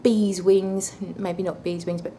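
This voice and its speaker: A woman's voice: medium pitch, little pitch movement, unhurried, warm tone, a little hiss or hum. A woman reviewing perfumes in a casual vlog, chatty and gushing with blunt, apologetic asides.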